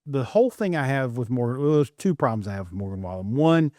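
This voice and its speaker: A man co-host talks through his opinions in relaxed, casual chat, often restarting his sentences. His voice sits at a middle pitch, recorded close and dry. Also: dry recording. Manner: measured, opinionated, with frequent restarts.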